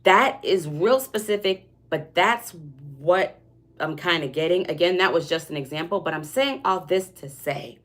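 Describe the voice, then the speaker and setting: A woman's voice: lowish voice, moderate pace, fairly bright tone. A woman giving a tarot reading in a casual, conversational monologue. She often checks in with "okay?" and "right?". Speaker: tarot reader.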